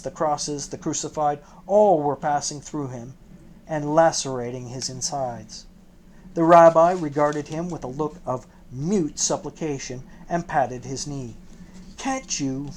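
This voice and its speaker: A man narrating an audiobook in a measured, steady storytelling manner. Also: medium pitch, a little hiss or hum, poor audio. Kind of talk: scripted narration.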